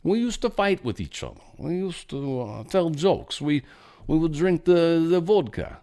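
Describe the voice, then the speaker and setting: A man's voice: on the high side, animated, unhurried, warm tone, voice pushed up. A man voicing a country personified as a friendly man who chummily reminisces about old times. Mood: nostalgic.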